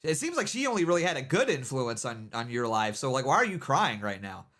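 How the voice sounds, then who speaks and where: A man's voice: medium pitch, very animated, a little fast, fairly bright tone. A man hosting a livestream, giving casual, rambling commentary and mocking people, with many repeated "you know what I mean"s. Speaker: livestream host.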